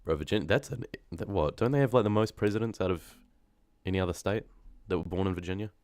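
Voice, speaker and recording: A young man with a New Zealand accent talks to his live chat in a very deep, low voice. He is casual, slangy and quick to laugh. The sound is close and dry, with keyboard clicks behind. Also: darkish tone, dry recording. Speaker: horror story narrator live-streaming.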